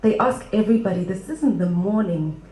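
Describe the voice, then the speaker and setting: A woman telling a funny personal story live on stage, expressive and quick to laugh. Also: mid-range voice, echoey room, rough recording. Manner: humorous, expressive, laughs often.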